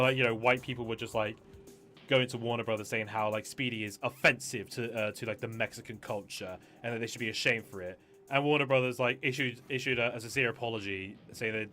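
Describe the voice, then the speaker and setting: A man's voice: lowish voice, fairly even intonation, fairly quick, pushed and bright, soft background music. A man hosting a casual gaming stream, rambling with many fillers and restarts and swearing freely. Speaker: streamer host.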